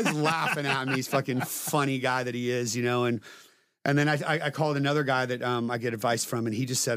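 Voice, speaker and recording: Man, candid and profane storyteller, mid-pitched voice, dry close sound. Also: steady tone, fairly quick, a bit bright, no echo. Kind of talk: casual podcast conversation.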